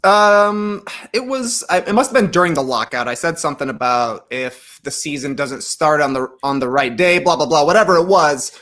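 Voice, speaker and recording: Emphatic higher-voiced podcast co-host. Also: male voice, moderate pace, few pauses. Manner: animated and emphatic. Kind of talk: casual podcast chat.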